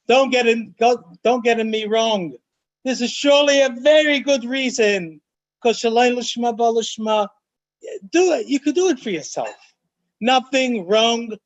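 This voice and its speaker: A man, a rabbi, teaching a Torah study class in an animated, emphatic way. He often slows down to stress key phrases and mixes in many Hebrew and Yiddish terms. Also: high voice, dull audio.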